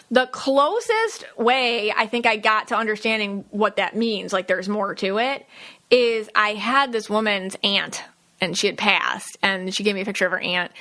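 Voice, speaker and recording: Bright-voiced chatty woman podcaster. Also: mid-range voice. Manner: chatty, many fillers and restarts, acts out quotes. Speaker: podcast host and psychic medium. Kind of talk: casual solo podcast monologue.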